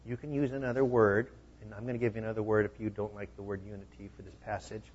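Male pastor with a husky mid-range voice, conversational but emphatic, in a dull church recording. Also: lowish voice, flat delivery, fast, a little mellow. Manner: conversational preaching with emphatic repeated phrases. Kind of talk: sermon.

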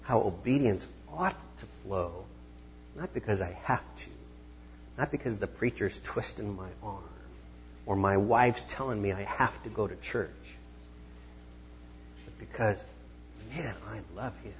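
A man's voice: fairly low pitch, unhurried, long pauses, lo-fi sound, slight background noise. A man preaching a conversational sermon as pastor, now and then acting out the disciples. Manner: conversational, acts out voices of the disciples.

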